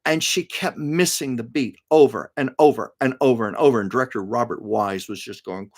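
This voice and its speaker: A brisk, mid-range male voice hosts a home livestream. He trades show-business stories in a chatty, casual tone, laughing a lot and reading his viewers' comments out loud as they come in.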